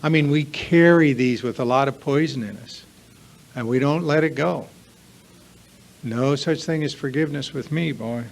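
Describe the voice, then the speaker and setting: A man's creaky, medium-pitched voice moves at a moderate pace through an earnest, emphatic recovery workshop talk. Speaking confessionally to a live audience in a meeting room, he keeps piling up repeated lists.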